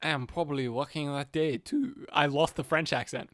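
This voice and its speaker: A man's voice: a little high, normal speed, a bit bright, dry recording, studio quality. A man co-hosting a podcast, playful and teasing in casual chat. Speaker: podcast co-host.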